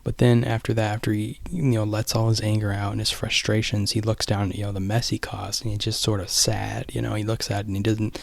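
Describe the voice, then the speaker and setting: A man's voice: on the low side, level tone, fairly quick, gravelly, few pauses, no echo. A young man casually rambling through a movie recap, restarting often and sometimes dropping to a whisper. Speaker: vlogger.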